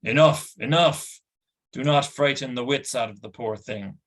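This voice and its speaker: A man voicing Gwydion, a stern and noble war leader who speaks in a measured, formal way, in an audiobook. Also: mid-range voice, fairly bright tone, close to an everyday voice. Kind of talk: audiobook character voice.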